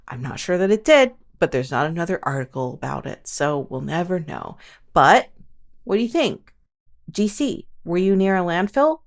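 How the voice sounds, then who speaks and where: A woman hosting a paranormal podcast, chatting casually and making self-mocking asides to listeners. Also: lowish voice. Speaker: podcast host. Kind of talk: casual podcast chat and reading news quotes.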